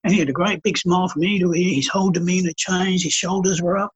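In a casual spiritual conversation, a man who is an artist and healer tells stories as a podcast guest, speaking passionately and preachily. His high voice keeps a steady tone at a quick pace, slightly rough, captured with lo-fi sound.

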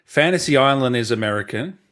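A man's voice: medium pitch, expressive, brisk, fairly bright tone. A man hosting a casual interview, easygoing and asking questions with lots of tag questions. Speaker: podcast host.

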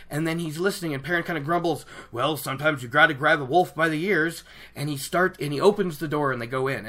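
Excitable rambling book vlogger. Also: medium pitch. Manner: excitable, rambling, self-interrupting, laughs often. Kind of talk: casual book discussion to camera.

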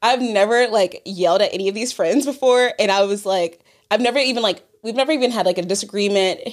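A woman's voice: mid-range voice, fast. A woman telling a story in casual podcast chat, profane and exasperated, laughing often. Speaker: podcast co-host.

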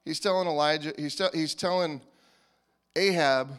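Pastor guy preaching, kinda high voice, loose and animated, trips over his words a lot. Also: normal speed, clean tone. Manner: animated and informal, with frequent restarts. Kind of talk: conversational sermon.

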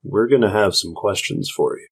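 A man playing a tabletop role-playing game, speaking calmly and plainly. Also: on the low side, moderate pace, husky. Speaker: player.

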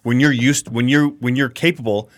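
A man co-hosting a casual podcast, talking in a relaxed way and laughing often. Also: medium pitch, normal speed. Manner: relaxed, laughs often, short agreeing replies. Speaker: podcast co-host.

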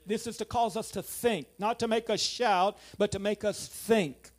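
A man preaching a sermon, telling a family story, then driving home points with loud emphasis and quiet asides. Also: high voice, steady tone, moderate pace. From South Louisiana.

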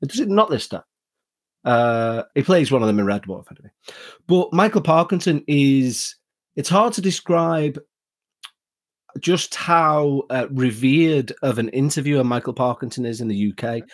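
A man's voice: medium pitch, lively intonation, moderate pace. British man in his forties, chatting as a guest. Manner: conversational, explains at length with restarts. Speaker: podcast guest. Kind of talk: casual chat.

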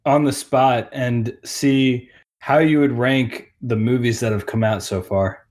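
A man's voice: mid-range voice, fairly even intonation, measured pace, a little mellow. A man co-hosting a podcast, joking and laughing in casual chat. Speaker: podcast co-host.

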